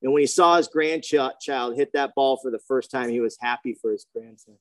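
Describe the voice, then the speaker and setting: A man telling his personal recovery story at a meeting, slangy and animated, acting out the voices of the people he quotes. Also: mid-range voice, normal speed, dry recording. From grew up near the ocean.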